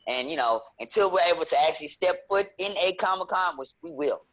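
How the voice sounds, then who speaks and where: Animated male podcast host. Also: quick pace. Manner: animated, jumps to excited high notes. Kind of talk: casual podcast chat.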